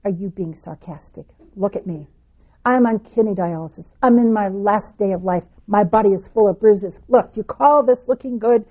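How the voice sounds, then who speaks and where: A woman's voice: mid-range voice, moderate pace, highs cut off, lightly acted. A woman voicing a bitter, defensive dying woman confined to bed, speaking curtly and indignantly.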